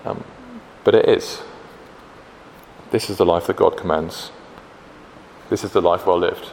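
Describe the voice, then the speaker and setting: A man's voice: deep voice, steady tone, unhurried, vocal fry, darkish tone. British man preaching in a reverberant hall. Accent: British English. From Britain. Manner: conversational, with frequent fillers and restarts. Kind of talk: sermon. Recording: echoey hall, faint background noise.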